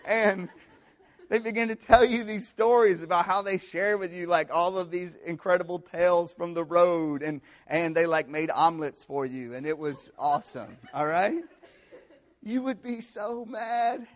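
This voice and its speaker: A young man preaching a conversational sermon to students, with animated storytelling and frequent rhetorical check-ins. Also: high-pitched, moderate pace. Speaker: campus pastor.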